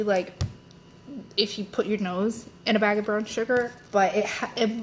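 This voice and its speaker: A woman's voice: medium pitch, slight background noise. Rambling young woman unboxing beauty products. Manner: rambling, filler-heavy, self-correcting. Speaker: beauty vlogger. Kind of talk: casual unboxing chat.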